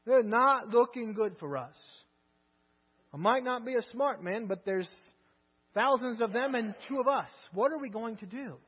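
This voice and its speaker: A man's voice: extremely high pitch, expressive, a little fast, hardly any pauses, breathy edge, heavily acted. A male preacher voicing a frightened male servant who pleads with his master about an enemy army. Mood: alarmed. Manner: anxious, pleading. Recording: echoey hall, dull lo-fi sound, mains hum.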